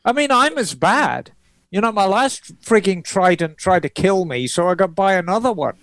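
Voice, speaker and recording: Blunt, swearing co-host, high and animated pitch. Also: male voice, moderate pace, dry recording. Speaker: podcast co-host. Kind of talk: casual chat.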